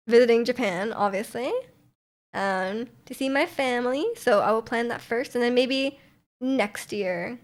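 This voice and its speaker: A young woman talks casually on a stream from home into a desk mic. Her voice sits a bit high. She rambles, restarts her sentences and laughs often while answering chat. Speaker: livestreamer.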